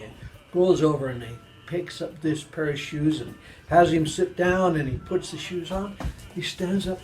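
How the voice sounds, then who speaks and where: Older male joke teller, halting, restarts a lot, high squeaky character voices, faint music bed. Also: rough recording. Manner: animated, jumps high in pitch for voices in the jokes. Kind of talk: casual joke telling.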